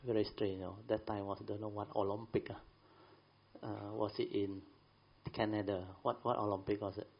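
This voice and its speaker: A man's voice: on the low side, level tone, normal speed, gravelly, slightly rough, muffled recording. A man telling a rambling story to a group, with many fillers and colloquial grammar. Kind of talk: casual storytelling.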